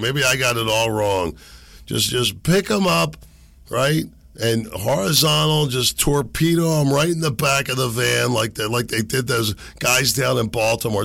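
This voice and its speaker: A man's voice: medium pitch, normal speed, vocal fry, pushed and bright. A man hosting a political commentary show, talking in a rambling, sardonic way while sick. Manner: sardonic, rambling, chuckling asides. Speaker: podcast host.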